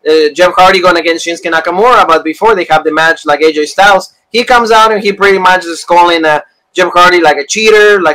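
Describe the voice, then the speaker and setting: A man's voice: high voice, fast, pushed and bright, low-quality recording. A man co-hosting a wrestling review podcast, chatty and agreeable, full of fillers. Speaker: wrestling show co-host. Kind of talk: casual podcast chat.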